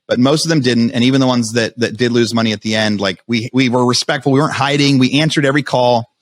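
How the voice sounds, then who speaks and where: Fast-talking man telling his story. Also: medium pitch, no echo, clean studio sound. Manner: fast, animated retelling with frequent restarts and quoted self-talk. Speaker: podcast guest. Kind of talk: storytelling in a podcast interview.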